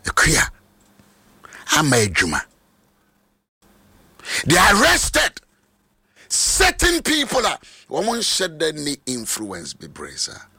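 A Ghanaian man preaching a sermon, shouting and sing-song, repeating phrases over and over. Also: on the high side, wildly swooping pitch, takes it slowly, vocal fry, pauses often, husky, no echo.

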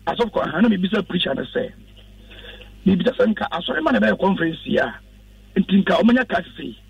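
A man, a pastor on the radio, speaks in an earnest, instructive preaching manner. His voice sits high and carries a gravelly edge. The sound is dry and dull, picked up from some distance off the mic. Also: big pitch swings, quick pace, no echo. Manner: earnest, instructive, quotes scripture. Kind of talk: preaching-style radio talk.

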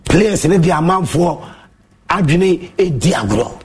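A man with a Ghanaian accent hosting a sports monologue show, mixing Twi and English, theatrical, with big swings in pitch. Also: animated, unhurried, slightly rough. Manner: mixes Twi and English, theatrical, shifts pitch a lot, sings bits.

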